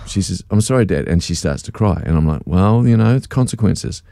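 Lively middle-aged New radio man. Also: sits low, fairly quick, creaky, no room sound, studio quality. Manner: animated storyteller, laughs often. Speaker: radio show co-host. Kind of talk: casual breakfast radio chat.

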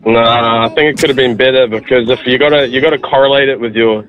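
A man's voice: mid-range voice, steady tone, quick pace. An Australian man phoning in to radio, hesitant and meandering. The line sounds dull and lo-fi. Faint music sits behind. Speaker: radio caller.

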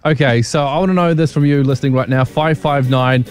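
A man's voice: mid-range voice, fairly even intonation, brisk, clean tone, no room sound, soft background music. A man hosting a radio drive show, chatty and teasing as he trades jokes into a studio microphone. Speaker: radio host.

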